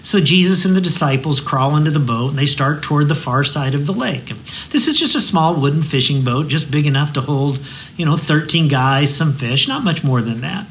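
A man giving a devotional sermon as a pastor, telling the story vividly and slowing into a hushed prayer. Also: a little high, expressive, slight background noise, low-quality recording.

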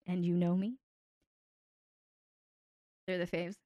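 A woman's voice: medium pitch, sing-song, unhurried, pauses often, a little mellow, no room sound, studio quality. A woman hosting a live stream who wraps up casually, teasing viewers and answering chat with plenty of laughter. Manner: playful and teasing, laughs often. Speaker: host and relationship coach.

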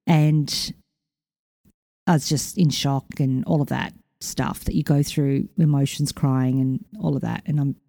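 A middle-aged woman hosting a podcast, telling a personal story in a chatty, animated way and acting out quotes, while recovering from a concussion. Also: a bass voice, measured pace, creaky, dry recording, clean studio sound. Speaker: podcast host. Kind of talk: casual storytelling monologue.

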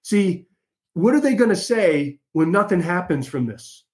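A combative man delivers a heated solo monologue, mocking and sarcastic. His voice sits a little high for a man. He talks directly to his audience as if rallying them. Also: very animated, measured pace, a little mellow. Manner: combative and mocking, addresses listeners as folks. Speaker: political commentary host. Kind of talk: opinionated monologue.

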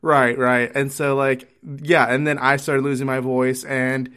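A man co-hosting a podcast in casual chat, easygoing and loose, filling pauses with uh and like. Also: medium pitch, little pitch movement, fairly bright tone. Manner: easygoing, with many fillers like uh and like. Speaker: podcast co-host.

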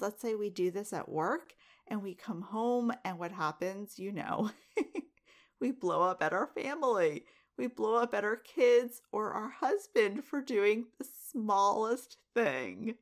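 Chatty, animated woman podcast host. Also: mid-range voice. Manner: chatty and animated, laughs often, asks listeners direct questions. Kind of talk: casual monologue podcast.

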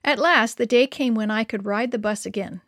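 Woman reading a story out loud, expressive, fairly high voice, dry sound. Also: normal speed, no room sound. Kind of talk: scripted first-person story reading.

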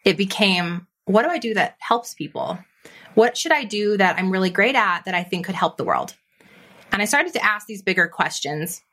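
Bright-voiced woman telling her story. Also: mid-range voice. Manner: animated, fast-flowing, quotes her own inner voice. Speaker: podcast guest, business coach. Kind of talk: conversational interview storytelling.

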